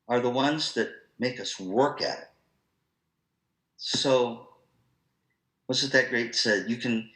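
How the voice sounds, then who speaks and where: A man presenting an online professional-development talk to music teachers, in a lively, conversational, storytelling manner. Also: medium pitch, echoey room, low-quality recording.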